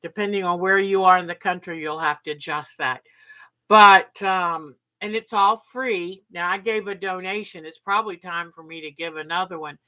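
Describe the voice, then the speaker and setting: A woman's voice: fairly low pitch, steady tone, moderate pace, sharp tone. A woman hosting a casual livestream, chatting and reading out viewer comments with enthusiasm. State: sleepy, yawning. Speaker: livestream host.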